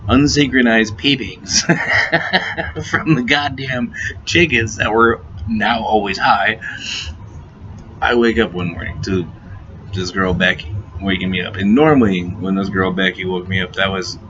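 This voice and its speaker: A man's voice: on the low side, measured pace, sharp tone. A man telling a casual story, swearing freely, often laughing and stumbling over his words. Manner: profane, laughing often, repeats and restarts words. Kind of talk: casual anecdote. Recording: dull lo-fi recording with faint noise.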